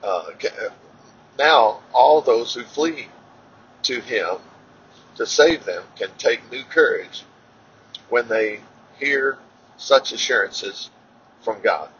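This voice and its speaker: A man reading scripture aloud in a halting way, with fillers and self-corrections. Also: mid-range voice, animated, a bit bright, a little hiss or hum. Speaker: Bible reader. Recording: dull lo-fi recording.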